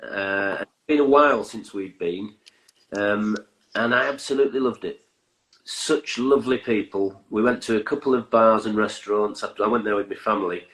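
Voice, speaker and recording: A man talks as a guest in a low voice. He is relaxed and easygoing, with a dry sense of humour. His chat is loose and conversational. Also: moderate pace, rough recording. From England, Stockport and York. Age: 50s. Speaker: musician guest. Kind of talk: casual interview chat.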